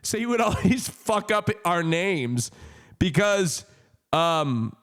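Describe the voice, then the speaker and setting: A man's voice: sits high, sing-song, takes it slowly, fairly bright tone. A man in his thirties telling a personal story on a stream. He rambles with many fillers, laughs and swears. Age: 30s.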